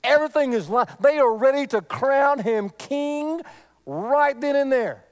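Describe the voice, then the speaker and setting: High-voiced preacher. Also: male voice, a little slow. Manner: earnest, swings from loud emphasis to near whisper. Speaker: pastor. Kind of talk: sermon.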